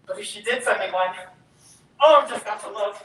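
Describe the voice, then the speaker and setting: A woman's voice: medium pitch, brisk, fairly bright tone, slight background noise, close to an everyday voice. A young woman playing a nervous, self-doubting young boy in a stage musical, talking and singing to himself, recorded from far off in a school auditorium. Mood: eager. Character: anxious, hopeful young boy, eternal underdog. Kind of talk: stage musical theater acting. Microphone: distant, recorded from the audience. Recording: echoey hall from far off with music.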